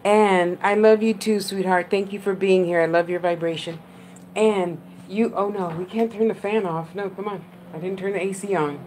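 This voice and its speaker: A woman's voice: mid-range voice, fairly even intonation, normal speed, darkish tone, a little hiss or hum. A woman, a clairvoyant medium, giving a live-streamed reading in a chatty, affectionate, rambling way and laughing often.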